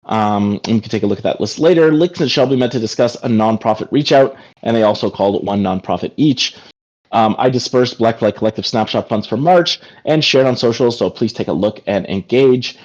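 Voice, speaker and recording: This meeting host is a man whose voice sits on the low side with a darkish tone, and he speaks fairly quickly. Leading a casual video-call work meeting, he rambles and keeps dropping in "like" and other fillers. The sound is dull lo-fi call audio.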